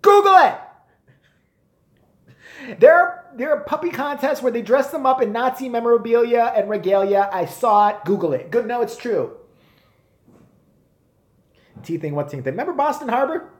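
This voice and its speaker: Animated profane American man ranting. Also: extremely high pitch, normal speed. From United States. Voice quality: profane, animated, often laughing. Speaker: livestream host. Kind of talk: casual ranting live stream. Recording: echoey room.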